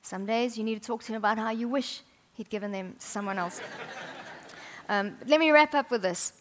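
A woman preaching a sermon, chatty and humorous, often dropping to soft, intimate tones. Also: fairly high pitch, a little fast, a little hiss or hum.

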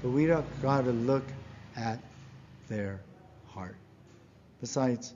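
A man's voice: medium pitch, slow pace, pauses often, mellow, dull audio, a little hiss or hum. A man preaching a sermon as pastor, earnest and emphatic, often asking his listeners questions.

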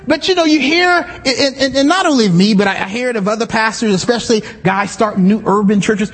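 High-voiced animated preacher in a hall. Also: male voice, fairly quick. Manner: animated, conversational preaching with asides and shouts. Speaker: pastor. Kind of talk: sermon. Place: church sanctuary.

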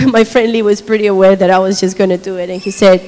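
A woman telling a faith story in a sermon, animated, laughing often and acting out what people said. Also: medium pitch, quick pace. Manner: animated storytelling with frequent laughter and acted quotes. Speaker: speaker sharing a testimony. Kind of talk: testimony sermon. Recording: long reverb of a large hall.

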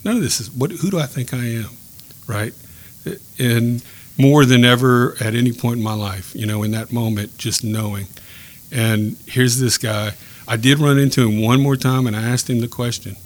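A man sharing a personal faith story in a podcast chat, earnest and reflective, pausing and restarting as he speaks. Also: mid-range voice. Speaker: guest telling a faith story.

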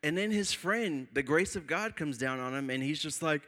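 A man's voice: a little high, animated, moderate pace, a bit bright. A young man preaching to a college group, telling a funny personal story with laughs before moving into scripture. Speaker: pastor.

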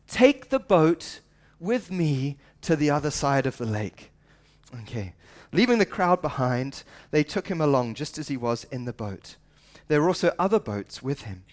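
A middle-aged man preaching a sermon at a church service, earnest and conversational, asking rhetorical questions. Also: on the high side. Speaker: pastor.

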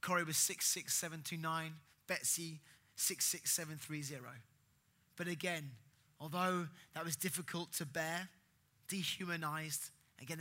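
A male preacher with a strikingly bright, forward voice that sits slightly high for a man. He talks earnestly and with emphasis, swelling up for key points and falling soft again. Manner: earnest, emphatic, rising for stress then dropping soft. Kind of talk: sermon.

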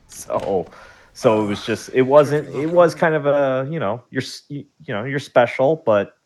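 A man's voice: mid-range voice, lively intonation, a little slow, long pauses, darkish tone. A man in his late thirties chatting casually and laughing easily as co-host. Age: 30s. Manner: laughing, easygoing. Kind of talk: casual chat.

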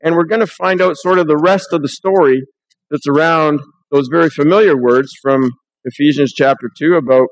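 Guy preaching in church, kinda high voice, chatty sermon w/ scripture reading. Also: normal speed, no room sound, poor audio. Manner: conversational, reads scripture aloud. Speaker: pastor.

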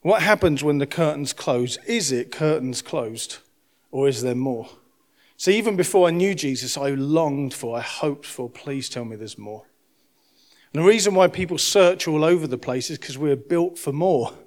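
A man's voice: a little high, lively intonation, normal speed. Impassioned male preacher. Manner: impassioned, swings between loud emphasis and hushed lines. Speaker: pastor. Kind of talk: sermon.

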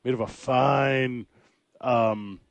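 A man's voice: mid-range voice, steady tone, very slow, vocal fry, no room sound. Man, sports talk co-host, jokey rambling banter, dry studio sound. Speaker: radio show co-host.

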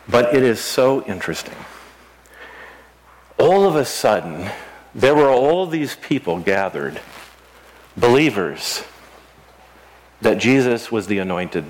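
A middle-aged man preaching a sermon in a church, talking casually with the congregation, asking them questions and acting out scripture dialogue. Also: on the low side. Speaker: pastor. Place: church sanctuary.

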